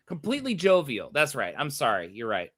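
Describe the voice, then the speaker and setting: A man's voice: mid-range voice, wildly swooping pitch, a little fast, fairly bright tone. A man co-hosting a podcast, reflecting aloud on how he would have handled things. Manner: reflective, thinks aloud about what he would have done. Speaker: podcast co-host. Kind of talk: casual chat.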